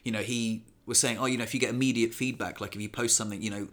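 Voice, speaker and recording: A man's voice: lowish voice, fairly even intonation, racing, a bit bright. A man co-hosting a casual podcast in person, rambling with lots of fillers and repeating himself. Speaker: podcast co-host. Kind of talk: casual chat. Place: indoors, in-person podcast recording.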